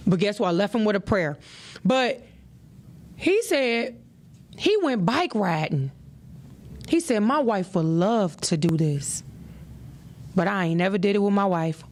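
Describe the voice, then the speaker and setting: A woman hosting a podcast who gives relationship advice in a casual monologue. She talks in a preachy, emphatic way, repeats her points and uses plenty of "you know". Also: mid-range voice. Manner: conversational, peppered with "you know". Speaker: podcast host.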